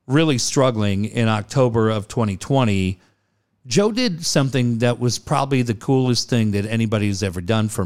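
A middle-aged man, a podcast co-host, telling a personal story in an earnest, conversational way. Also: fairly low pitch. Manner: earnest, conversational, hesitant with fillers. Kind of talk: personal storytelling in casual chat.

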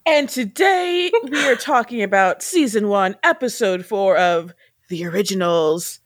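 A woman's voice: medium pitch, expressive, unhurried, no room sound, studio quality. A woman co-hosting a podcast, playful and casual, opening the show with mock bravado. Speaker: podcast co-host. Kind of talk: casual chat.

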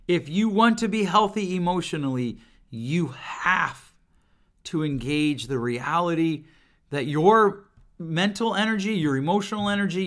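A man's voice: sits high, a bit bright. A middle-aged man hosting a solo podcast, talking earnestly and reflectively at his computer mic, often restarting and repeating words. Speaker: podcast host. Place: home recording setup at a computer. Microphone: desk microphone.

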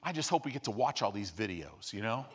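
A man preaching a sermon in an animated storytelling style, acting out quotes as he teaches. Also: on the low side, fast, breathy edge.

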